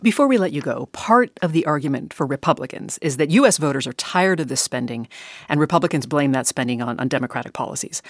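A woman with a notably low voice hosts a news interview, reading her setups and putting questions in a crisp, composed way. The sound is dry and close to the microphone. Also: dry recording. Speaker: news host.

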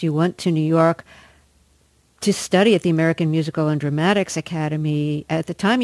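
A woman interviewer asking measured, informed questions. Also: fairly low pitch, darkish tone, dry recording. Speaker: interviewer, host.

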